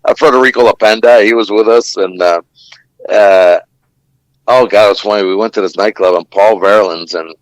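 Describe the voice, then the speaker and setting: At a moderate pace, a man whose voice is on the low side tells podcast stories about fights he saw as a ring announcer, rambling and swearing with lots of fillers. It's casual storytelling, recorded roughly with no echo.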